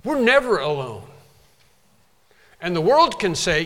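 A man's voice: sits high, big pitch swings, takes it slowly, sharp tone, in a large hall. A man preaching a sermon, emphatic and repeating phrases to drive them home.

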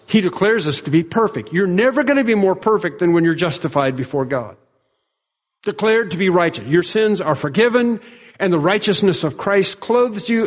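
A man preaching a sermon in an earnest, measured way, quoting speakers in small acted-out voices. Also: sits high. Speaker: pastor. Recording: long reverb of a large hall.

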